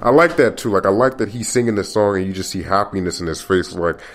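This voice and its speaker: A man with a very low voice hosts his own podcast alone. He rambles in an open, confiding way, restarting and repeating his phrases as he thinks aloud. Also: quick pace. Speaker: podcast host. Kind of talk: casual solo podcast monologue.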